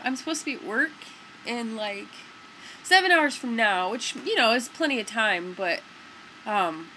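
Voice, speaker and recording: A woman's voice: a little high, sharp tone, slight background noise, rough recording. A young woman vlogger telling a story to the camera in a rambling, casual way, full of fillers like "like" and "dude".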